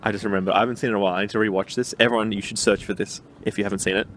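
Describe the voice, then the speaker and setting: A man co-hosting a podcast, chatting casually and telling animated stories with many restarts, recorded outdoors. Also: lowish voice, rapid-fire. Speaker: podcast co-host. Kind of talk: casual chat. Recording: outdoor recording with faint background noise.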